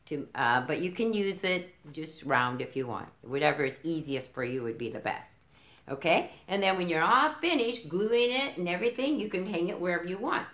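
Low-voiced woman teaching a kids' craft. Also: sing-song, normal speed, fairly bright tone, roomy sound. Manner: patient, step-by-step, checking in with "okay?". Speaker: library story time host. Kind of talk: children's craft instructions. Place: library room.

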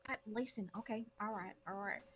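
A woman voicing a patient doctor who mediates a family argument in a game role-play, calm and soothing. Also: medium pitch, a little fast, slight background noise, close to an everyday voice. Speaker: streamer.

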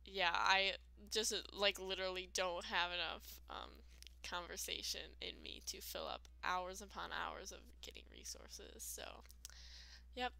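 A woman's voice: lowish voice, animated, a little slow, vocal fry, bright, forceful tone. A woman giving casual, rambling let's-play commentary, full of fillers and self-deprecating asides. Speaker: gaming video creator.

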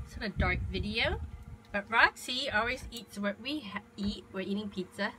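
A woman's voice: medium pitch, animated, normal speed, pushed and bright. A woman in her forties narrating a casual sailing vlog as she films on her boat with a phone. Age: 40s. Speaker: sailing vlogger. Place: on a sailboat. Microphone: phone camera. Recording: noisy outdoor boat recording.

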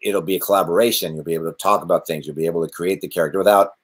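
A man with a fairly low voice talks as a guest in a casual interview. He tells stories in an animated, rambling way, restarting his sentences often. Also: racing. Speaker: actor, guest.

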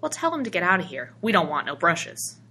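A surly drunk man speaks thickly with a sneer in a storybook reading, voiced by a woman narrator. The voice stays low-pitched but bright. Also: very animated, brisk, a little hiss or hum, heavily acted.

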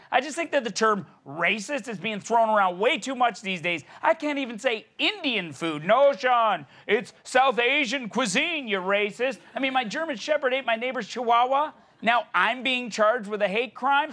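Sarcastic bright-voiced man bickering. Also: high voice. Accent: Canadian. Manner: bickering, sarcastic, mock-indignant. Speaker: comedy sketch performer. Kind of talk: satirical sketch debating himself.

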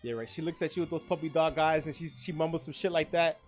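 A woman hosting a streamed trivia night, with loud, joking, slangy banter and quick put-on voices. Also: deep voice, fairly even intonation, faint music behind. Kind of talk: casual streamed game commentary.

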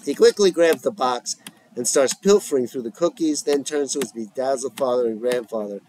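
Male script reader, plain delivery, scratchy throat, mid pitch. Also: moderate pace, a little mellow. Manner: plain, matter-of-fact reading. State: throat trouble, coughing. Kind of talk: reading stage directions aloud.

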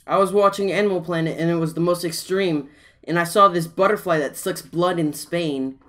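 A young man hosting a casual reaction video, talking excitably and swearing freely. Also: fairly high pitch, normal speed. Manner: excitable, shrieks and swears when scared.

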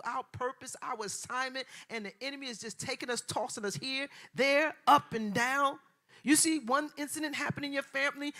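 High bright-voiced woman preaching. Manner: builds from soft, hushed passages to loud, shouted preaching; colloquial, repeats phrases, acts out quoted voices. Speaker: pastor. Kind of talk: sermon.

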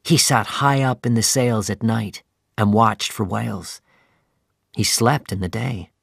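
Slow, deliberate male narrator. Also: fairly low pitch, vocal fry, a bit bright, husky, no echo, clean studio sound. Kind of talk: slow scripted narration for learners.

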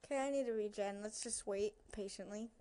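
A young woman who makes gaming videos provides casual commentary into a headset at home, nervous and chatty as she talks both to the in-game creatures and to her viewers. Her mid-range voice is warm and brisk.

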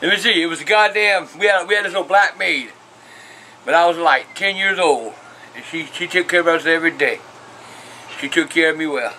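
Gruff dad type, middle-aged, profane and blunt, keyed-up high voice. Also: male voice, brisk, slight background noise. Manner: foul-mouthed, blunt, bursts into shouted curses. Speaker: father answering viewer questions. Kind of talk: profane casual Q&A.

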